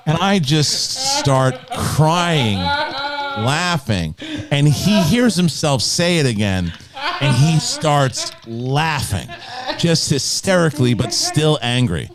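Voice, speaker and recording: A man's voice: fairly high pitch, takes it slowly, crowd noise. A man hosting a live video podcast, telling stories in a casual, rambling way with lots of restarts. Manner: animated storyteller, rambling with many restarts. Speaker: host.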